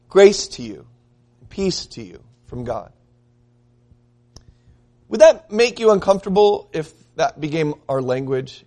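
High-voiced man teaching a Bible lesson. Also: darkish tone. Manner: earnest, conversational teaching with emphatic slowed phrases. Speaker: preacher. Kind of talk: sermon-style Bible lesson.

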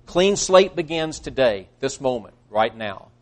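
A man's voice: mid-range voice, lively intonation, unhurried. A male preacher giving a sermon, earnest and emphatic, quoting scripture at length.

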